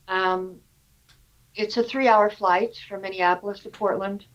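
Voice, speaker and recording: A woman slowly telling a personal story to a meditation group over a video call, earnest and halting, with pauses and fillers. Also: mid-range voice, highs cut off.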